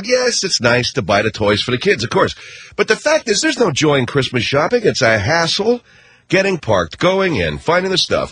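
A middle-aged male talk radio host with a husky, slightly breathy voice that swings widely in pitch. He rants brashly and sarcastically, mocking everything in a comic monologue. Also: no echo. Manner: brash, sarcastic, animated ranting.

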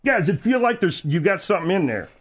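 A man's voice: high voice, very animated, fast, slightly rough. A man acting as an in-studio sidekick on a radio show, needling the host and getting defensive.

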